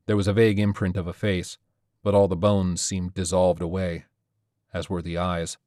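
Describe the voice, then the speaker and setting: A man narrating a story in a steady, measured reading style. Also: deep voice, dry recording, studio quality. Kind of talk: audiobook narration of a sci-fi horror story.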